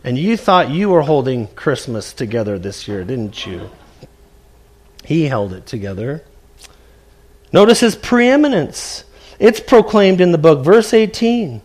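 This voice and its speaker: Male pastor, high voice, slow and deliberate, earnest preaching with rhetorical questions. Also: sing-song. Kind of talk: sermon.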